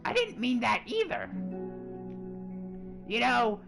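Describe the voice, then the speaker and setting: A woman's voice: a little high, huge pitch swings, slow pace, creaky, over music, pitched above the performer's own voice, full character voice. A woman voicing a flustered, prickly teenage schoolgirl who stammers and rambles defensively.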